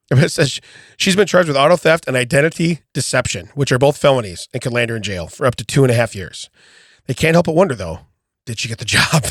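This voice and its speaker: Animated, laughing man co-hosting a podcast. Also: mid-range voice, no echo, clean studio sound. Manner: laughs a lot, jokey, animated. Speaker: podcast co-host. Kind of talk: casual comedic chat. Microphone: studio mic.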